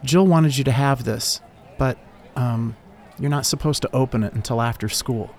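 A man's voice: medium pitch, moderate pace, darkish tone, natural voice. A man voicing a nervous, tearful teenage schoolgirl who hesitates with ums. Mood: softened.

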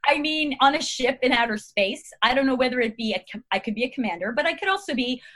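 A woman's voice: high voice, animated, quick pace, a bit bright. A middle-aged American woman, an actress guest, chatting in a rambling, bubbly way and laughing often. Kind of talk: casual interview chat.

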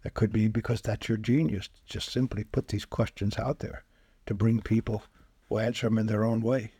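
A man, a spiritual healer, speaking as a podcast guest and telling lively anecdotes, acting out the quoted voices. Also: fairly low pitch, moderate pace, slightly rough, dry recording. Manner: animated anecdotes, acts out quoted voices, chuckles often. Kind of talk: casual storytelling interview.

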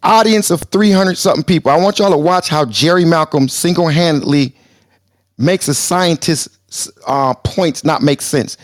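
A man co-hosting a live talk show, arguing hard and pressing his guest. His voice sits a bit high for a man, and it comes across dry and close to the mic. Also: dry recording. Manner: loud and combative, then deliberately calming down. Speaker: show co-host.

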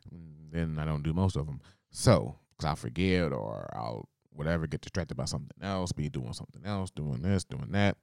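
A man with a very deep, low voice talks casually, rambling through his plans at an easy, relaxed pace. The recording is dry and close, with no room echo. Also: moderate pace, gravelly, few pauses. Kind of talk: casual chat.

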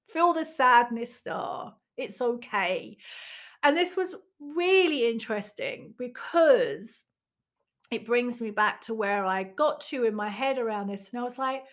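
A woman's voice: a little high, animated, unhurried. Frank woman, reflective monologue. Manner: frank and reflective, swears casually. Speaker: emotional wellbeing teacher. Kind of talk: candid personal monologue.

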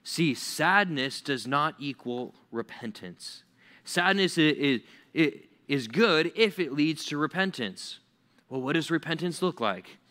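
A male pastor preaching a conversational sermon, animated and full of "like" fillers as he acts out stories for the congregation. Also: a little high. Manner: frequent "like" fillers.

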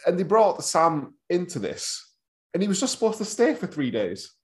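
A man's voice: sits high, big pitch swings, normal speed. A man co-hosting a casual podcast, easygoing and laughing along as he discusses a film. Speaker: podcast co-host. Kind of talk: casual chat reviewing a film.

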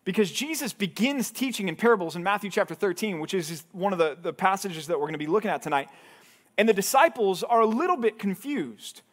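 Pastor guy with a pretty high voice teaching a men's bible study, chatty, keeps asking the room questions. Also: expressive, a little fast, fairly bright tone. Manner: conversational, asks the audience questions, acts out quoted lines. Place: church hall.

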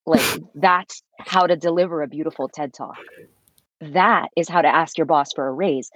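Earnest soft-spoken woman voice coach. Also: sits low, moderate pace, no room sound, poor audio. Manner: earnest, spiritual, expressive, laughs fully. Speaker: voice coach, guest. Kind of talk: reflective conversational interview.

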